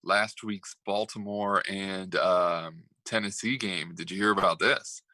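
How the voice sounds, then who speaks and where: Bright-voiced, rambling man chatting sports. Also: sits low, fairly even intonation, unhurried, no room sound, low-quality recording. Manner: rambling, laughing storyteller with many fillers. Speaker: sports podcast co-host. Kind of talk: casual sports chat.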